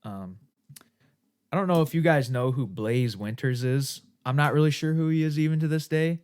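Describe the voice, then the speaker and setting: A man's voice: on the high side, normal speed, a little mellow, smooth. A man hosting a podcast, telling a rambling, profanity-laced story in casual chat. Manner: rambling, profane, laughing often. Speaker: podcast host.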